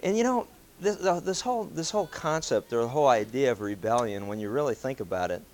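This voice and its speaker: This man speaks fast in a mid-range voice, spinning an anecdote for a group. He acts out the voices he quotes, chuckles between lines, and keeps it lively and casual.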